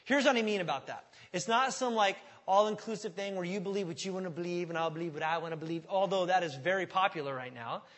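A man's voice: sits high, fast, hardly any pauses, a bit bright, long reverb tail. A man preaching a teaching sermon to his church. He talks in a conversational way, checking in with "okay?" and restarting his sentences. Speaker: pastor.

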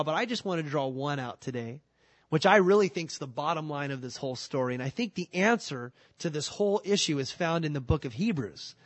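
A man preaching a sermon in a conversational, animated way, asking his listeners questions as he retells a scripture story. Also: a little high, dry recording. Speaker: pastor.

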